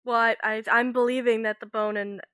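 A woman's voice: a little high, level tone, brisk, bright, forceful tone, clear, resonant tone, dry recording, studio quality. A woman playing a tabletop role-playing game, talking casually and hesitantly. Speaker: player.

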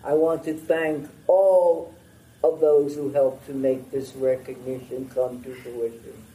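Older guy reading a ceremony speech real slow and heartfelt, mellow voice, echoey sound. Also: medium pitch, flat delivery, recorded from a distance, a little hiss or hum. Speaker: speaker at a memorial ceremony. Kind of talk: formal prepared speech.

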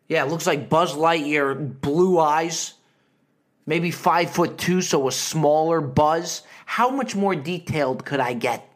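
A man hosting his own show, telling a story in a profane, wisecracking and lively way. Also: a little high, takes it slowly. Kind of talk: casual storytelling monologue.

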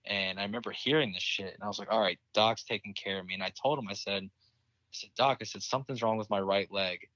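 A man's voice: lowish voice, fast talker, pushed and bright, dry recording, muffled recording. A young man, a military veteran, candidly telling a war story in casual conversation, swearing freely and laughing at grim moments. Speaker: interview guest, military veteran.

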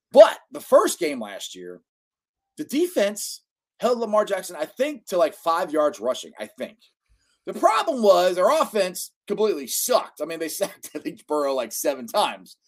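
A man hosting a casual sports podcast, chatty and excitable, laughing often. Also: fairly high pitch. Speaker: podcast host.

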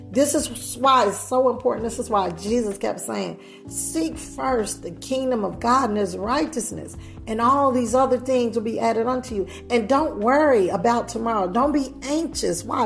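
A woman's voice: a little high, gravelly. A woman preaching a sermon earnestly, putting rhetorical questions to her listeners.

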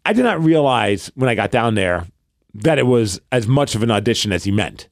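A man with a New York accent, co-hosting a casual podcast. He tells a long story at an everyday pitch and keeps breaking into the voices of the people he quotes. The sound is dry, with no room echo. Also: sing-song, moderate pace, creaky. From Brooklyn, New York. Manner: rambling, acts out quoted dialogue. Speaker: podcast co-host.

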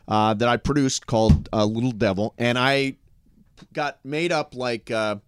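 A middle-aged man hosting a talk show, animated and emphatic in casual banter. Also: mid-range voice, a little slow, clean tone, no room sound, clean studio sound. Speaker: radio show host.

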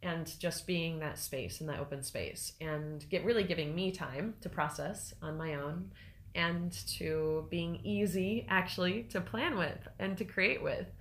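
A middle-aged woman co-hosting a casual podcast conversation. She talks reflectively and becomes animated when she quotes herself. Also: fairly low pitch, unhurried. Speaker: podcast co-host.

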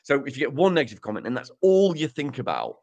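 Wry, animated man hosting a podcast. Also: mid-range voice, fast talker, vocal fry, lo-fi sound. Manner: wry, self-mocking, joking asides. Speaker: podcast co-host presenting research. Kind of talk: casual podcast chat.

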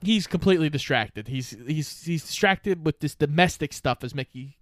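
A man's voice: a little high, normal speed, fairly bright tone, no echo, studio quality. A man co-hosting a casual movie recap podcast, retelling scenes and quoting characters, with some swearing. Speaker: podcast co-host.

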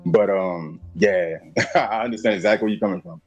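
A man's voice: low-pitched, moderate pace, lo-fi sound, soft background music. A man hosting a casual podcast, cursing freely and lecturing his listeners directly. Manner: profane, preachy, addresses listeners directly. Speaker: podcast host.

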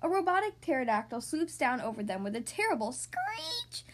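Animated woman reading to kids. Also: sits high, moderate pace. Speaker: podcast host reading to kids. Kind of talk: storybook read-aloud.

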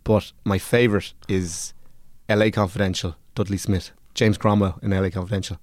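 Irish guy on a podcast, lowish voice, dry close mic, jokey film chat. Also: flat delivery, a little fast, dry recording. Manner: joking, riffs on film trivia. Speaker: podcast co-host. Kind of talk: casual chat.

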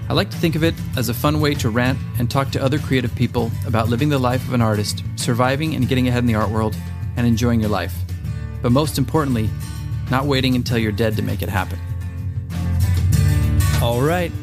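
A man's voice: medium pitch, a little fast, over music. A man hosting a podcast in a casual monologue, rambling with goofy jokes and asides. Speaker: podcast host.

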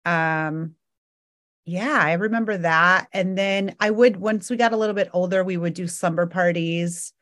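A woman with a slightly low voice chats easily on a podcast, recalling things in a relaxed tone. Her sound is dry and close. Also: moderate pace, dry recording. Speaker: podcast co-host. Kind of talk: casual chat.

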